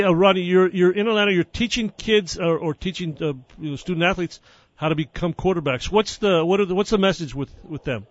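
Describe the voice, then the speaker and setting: A man hosting a sports radio interview, energetic, with halting restarts and fillers. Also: fairly high pitch, no echo. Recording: dry, slightly dull studio audio.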